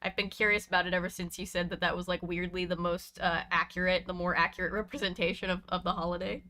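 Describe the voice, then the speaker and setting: A woman from Canada reading a children's book aloud in a lively, expressive way, with chatty asides between passages. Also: on the low side, quick pace. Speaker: reader and streamer. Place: home room with bookshelves.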